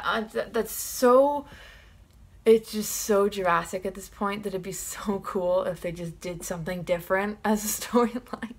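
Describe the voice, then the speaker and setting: A young woman vlogger giving her film opinions in a casual, excited, rambling way. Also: medium pitch.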